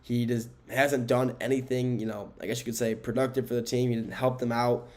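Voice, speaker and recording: A young man talks sports on his podcast in a casual, meandering way. He gives strong opinions, trips over names and corrects himself. His voice sits at a middling pitch for a man, and he records at home. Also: flat delivery, brisk, a little mellow. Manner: rambling, opinionated, self-correcting. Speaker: podcast host. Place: home room with window blinds.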